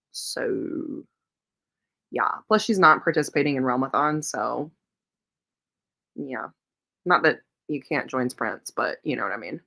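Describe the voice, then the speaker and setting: A woman's voice: deep voice, fairly bright tone. A woman hosting a casual reading livestream, chatting and telling stories as she reads viewer comments aloud and answers them. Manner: tells rambling personal stories. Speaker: host of a reading sprint livestream.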